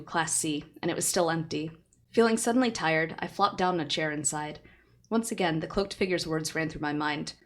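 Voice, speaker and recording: Lowish-voiced girl streamer reading a novel out loud, chatty, laughs a lot. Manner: chatty, laughs often, answers chat.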